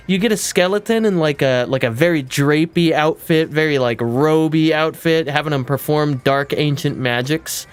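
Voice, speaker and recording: A young man chats over his game stream, his voice sitting a little high. He gets excited fast and swears freely. Faint game music plays underneath. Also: clear, resonant tone. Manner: baby-talk to his cat. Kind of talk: casual live-stream commentary.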